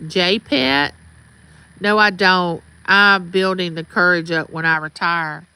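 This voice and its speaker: A woman's voice: on the low side, fairly even intonation, slow pace, sharp tone, smooth, dry recording, poor audio. A middle-aged woman from Mississippi with a Southern accent, chatting casually on a livestream from outside her home and greeting viewers by name. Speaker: livestream host. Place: outdoors at home.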